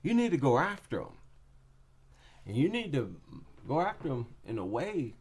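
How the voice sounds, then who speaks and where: A man's voice: mid-range voice, sing-song, moderate pace, slightly rough. A man giving a casual, opinionated breakdown of MMA fights, repeating his points for emphasis. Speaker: MMA commentator.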